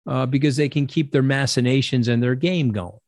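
A man's voice: medium pitch, steady tone, brisk, a little mellow, no room sound, clean studio sound. A middle-aged man telling stories as an interview guest, blunt and profane, acting out the voices of people he quotes. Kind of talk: casual interview storytelling.

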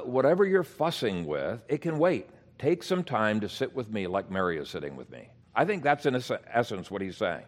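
A man preaching a sermon as pastor, explaining scripture in a teaching manner with emphasis. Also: on the low side.

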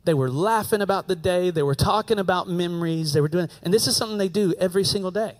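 A man's voice: sits high, fast. An American man preaching a sermon, telling a story in a conversational way and repeating his key phrases. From United States. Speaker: pastor.

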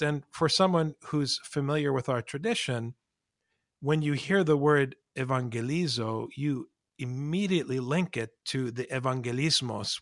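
A man's voice: medium pitch, a bit bright, no echo, studio quality. A man, a priest, discussing scripture emphatically and asking his listeners pointed rhetorical questions.

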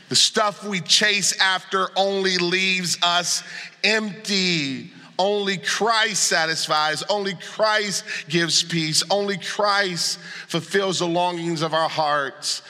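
A man preaching a sermon as pastor, animated and dramatic, acting out scripture with sarcasm. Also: fairly high pitch. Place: large church sanctuary. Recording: long hall reverb.

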